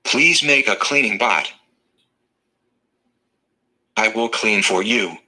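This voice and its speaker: This is a synthetic male voice that reads viewer messages aloud. It keeps a flat, evenly paced machine delivery. The tone sits a little low and sounds very bright and sharp. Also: slow, rough recording. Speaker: text-to-speech reader of viewer messages.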